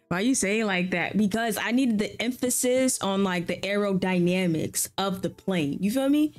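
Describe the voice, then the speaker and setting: A woman streaming a farming game, chatting playfully and answering her viewers as she plays. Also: mid-range voice. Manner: playful, chatty, reacts aloud and answers chat. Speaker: gaming streamer. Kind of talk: casual live-stream chat while playing.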